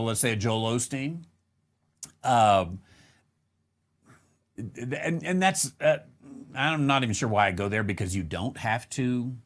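A man hosting a casual live question-and-answer show, rambling with many fillers and restarts and chuckling now and then. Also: medium pitch. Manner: chuckles between remarks. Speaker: host answering viewer questions.

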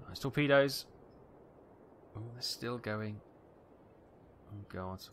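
A man giving tense, excitable live commentary on a naval battle game, calling out ranges and fire orders. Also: fairly low pitch, slow, a little hiss or hum. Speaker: gameplay commentator.

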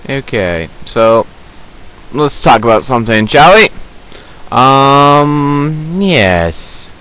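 This gameplay video creator has a fairly low, slightly bright voice, recorded with poor audio and a little hiss or hum. He rambles unhurriedly through a survival game, talking casually to his audience with plenty of fillers.

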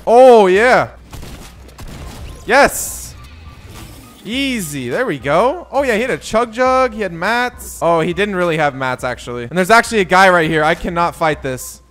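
Young male gaming YouTuber, high-pitched, casual and excitable play-by-play. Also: a little fast, few pauses, soft background music. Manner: excitable, jumps to yelps at in-game moments. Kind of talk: casual gameplay commentary.

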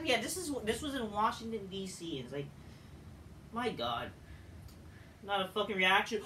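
A man's voice: sits high, lively intonation, moderate pace, pauses often, bright, forceful tone. A man reviewing a wrestling show in a profane, exasperated, sarcastic rant. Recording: echoey room, distant mic.

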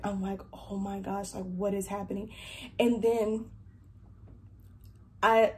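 Young woman, personal testimony, earnest, lots of "like", mid-pitched voice. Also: dark tone. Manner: earnest, fills speech with "like". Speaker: believer sharing a testimony.

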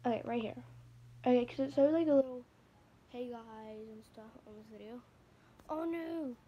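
A woman films a casual reaction vlog on her phone camera at home in front of a TV, talking in a rambling, chatty, gushing way. Her voice is a little high and slightly rough at a moderate pace, and the recording sounds muffled.

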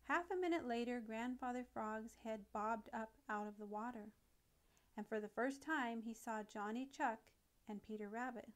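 A woman reads a classic children's nature story aloud with a gentle, expressive storyteller's touch. Her voice sits a little higher than most. The delivery is a careful, warm-paced storybook narration. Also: normal speed.

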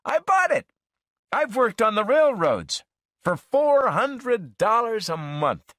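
A man reading a story aloud, voicing a restless young drifter who talks in excited bursts. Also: very high voice, slow, dry recording, studio quality, pitched above the performer's own voice, full character voice. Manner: excited, exclamatory.

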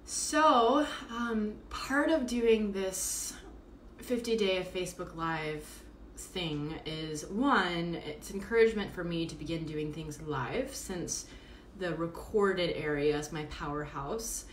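In a fairly low voice and at a slow pace, an exhausted woman hosts a live stream indoors at home, rambling casually with many fillers as a podcast host. The audio has a roomy echo, faint ambience and a little hiss or hum.

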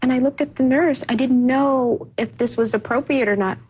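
A woman being interviewed on TV, recalling personal events in halting speech full of repeated words and restarts. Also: sits high, a little mellow, slight background noise, low-quality recording. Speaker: interview guest. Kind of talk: emotional personal recollection in a TV interview.

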